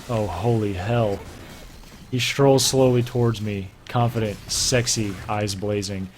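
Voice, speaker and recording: A young man giving a theatrical, hushed and breathy reading of a romance novel over gameplay, often breaking into laughter. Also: fairly low pitch, a little hiss or hum. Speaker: gaming streamer.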